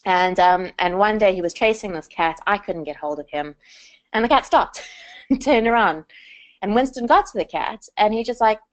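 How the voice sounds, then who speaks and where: A woman in her thirties gives a motivational talk to a group, in a voice of middling pitch. She speaks candidly and personally, acting out her own inner dialogue as she goes. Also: expressive, normal speed. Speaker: presenter at a business training session.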